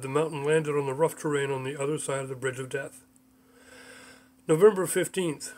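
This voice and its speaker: A man's voice: fairly high pitch, a little mellow. A man reading his own book aloud as audiobook narration, with mild voice shifts for the characters.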